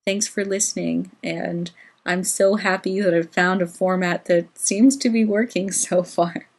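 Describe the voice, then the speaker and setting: A woman's voice: on the low side, steady tone, a little slow, darkish tone. A woman book vlogger talking casually to her viewers in a chatty way, laughing easily.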